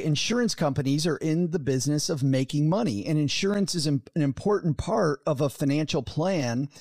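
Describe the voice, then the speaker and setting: A man, a podcast co-host and author, telling stories as a guest in a casual interview, animated and often laughing. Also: a little high, no echo, clean studio sound. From lives in northeast Texas.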